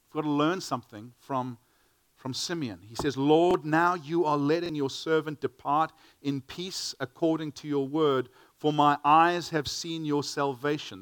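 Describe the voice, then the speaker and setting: Man, middle-aged, sermon, earnest, restarts phrases, somewhat high pitch, dry sound. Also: no echo. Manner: earnest, repeats words when starting phrases. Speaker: preacher.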